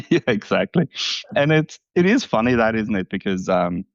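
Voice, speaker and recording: A man's voice: fairly low pitch, sing-song, moderate pace, no echo, highs cut off. A man hosting a podcast, easygoing and laughing along, swearing casually. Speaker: podcast host, dog trainer.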